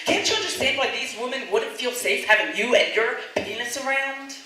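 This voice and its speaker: A woman's voice: on the high side, normal speed, pushed and bright, pitched above the performer's own voice. A woman voicing a terse, condescending feminist woman who lashes out. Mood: indignant. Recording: very echoey room.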